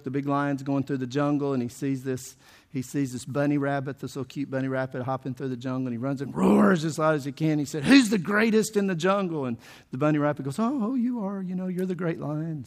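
A man preaching with a fairly high voice. He stresses his points hard and keeps asking the listeners questions as he goes. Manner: emphatic preacher, asks the congregation questions. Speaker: pastor. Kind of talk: sermon.

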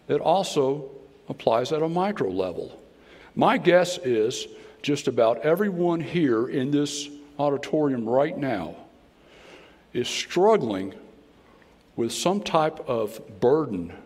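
A man's voice: medium pitch, a little mellow. Folksy Southern man preaching in a hall. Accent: American Southern. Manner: folksy, conversational preaching with playful voices. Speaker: guest speaker. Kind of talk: sermon. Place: auditorium. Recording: long hall reverb.

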